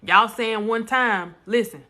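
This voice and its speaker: A woman's voice: a little high, slow, bright, forceful tone. A woman speaking bluntly and emphatically to viewers in a casual live stream, repeating lines for stress. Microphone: phone.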